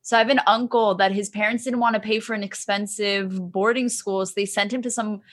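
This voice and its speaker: A young woman, a podcast co-host and guest, talking in a chatty, animated way with lots of "like". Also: medium pitch, fairly quick, no echo. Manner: chatty, animated, uses "like" a lot. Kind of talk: casual chat.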